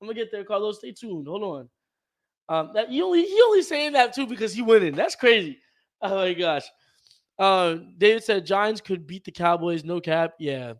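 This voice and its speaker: Young male sports podcast host, high voice, animated, slangy, teasing banter. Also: moderate pace. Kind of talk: casual sports podcast chat, reading live chat aloud.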